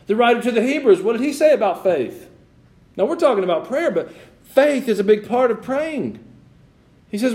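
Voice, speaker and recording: A man's voice: high voice, animated, moderate pace, a little mellow. A man preaching a sermon in church, swinging between emphatic points and chatty asides to the congregation. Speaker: pastor.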